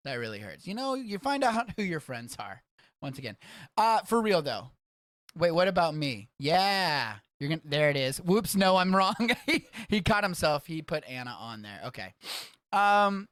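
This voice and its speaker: A man from Texas hosting a casual livestreamed podcast, rambling and excitable, swearing freely as he talks. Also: high-pitched, measured pace, no echo, clean studio sound. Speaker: podcast host.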